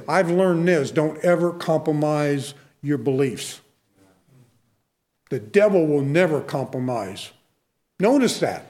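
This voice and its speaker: A man's voice: fairly high pitch, a little mellow. A man, a Christian minister, telling folksy stories and preaching with fervent, emphatic exhortations, then leading a closing prayer.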